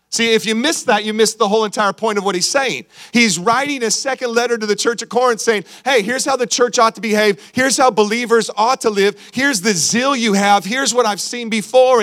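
A man's voice: extremely high pitch, a bit bright. A male pastor preaching a sermon who reads scripture aloud, repeats himself for emphasis and checks in with the congregation.

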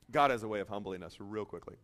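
A man's voice: fairly low pitch, fairly bright tone. A middle-aged male pastor telling a humorous, self-deprecating story in a sermon, chatty and full of fillers.

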